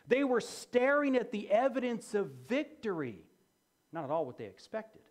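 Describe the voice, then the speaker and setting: A man's voice: high-pitched, sing-song, moderate pace. A man preaching a sermon as pastor, emphatic and repeating key phrases for effect.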